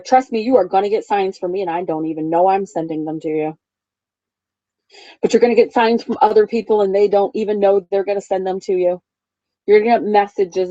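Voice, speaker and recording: A woman's voice: mid-range voice, warm tone, no echo, highs cut off. A woman in her thirties giving an emphatic, freely swearing motivational talk as a spiritual coach, laughing often.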